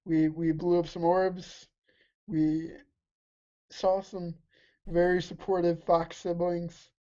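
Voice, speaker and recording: A woman's voice: lowish voice, little pitch movement, slow pace, dark tone, lo-fi sound. A woman co-hosting a casual game stream, playful and teasing, laughing often. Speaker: streamer, co-host. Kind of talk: casual gameplay chat.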